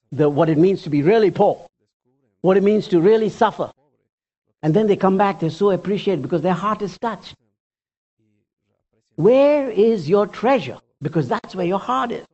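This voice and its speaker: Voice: medium pitch, moderate pace, pauses often, lo-fi sound. A pastor preaching a sermon, talking straight to the congregation with questions and repeated points. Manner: animated preacher, addresses the congregation directly with questions.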